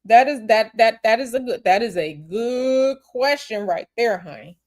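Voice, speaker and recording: A woman reading tarot on a livestream, answering viewer questions in a blunt, animated, repetitive way. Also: on the high side, unhurried. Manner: blunt, animated, repeats herself. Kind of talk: casual livestream chat.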